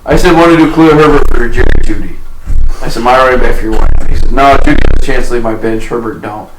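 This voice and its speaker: A man co-hosting a podcast, telling a profane, animated story in casual chat and laughing often. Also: mid-range voice, fast talker. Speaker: podcast co-host. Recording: echoey room with noise.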